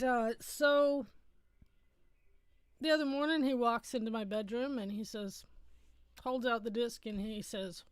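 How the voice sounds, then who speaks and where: Chatty middle-aged woman, smooth dry voice. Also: on the high side, dry recording. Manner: rambling, chatty storyteller who often corrects herself. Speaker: musician hosting a livestream. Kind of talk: casual livestream chat.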